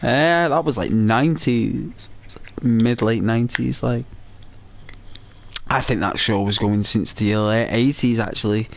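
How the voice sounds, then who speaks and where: A man talks slowly and casually over his gameplay, his voice at an ordinary mid pitch. He rambles, trails off and restarts his sentences, with plenty of fillers. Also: gravelly. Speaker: gaming channel host. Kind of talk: casual chat while playing a game.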